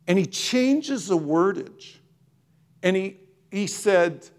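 A man recounting a personal testimony in a high, lively voice that swoops up and down. He talks slowly and haltingly, restarting his sentences as the emotion catches him. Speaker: speaker sharing a testimony.

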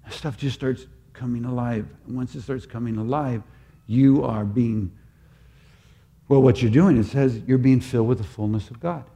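Male pastor mid-sermon, gravelly voice, mid-range pitch, swinging from loud emphasis to soft, intimate prayer. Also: moderate pace, lo-fi sound.

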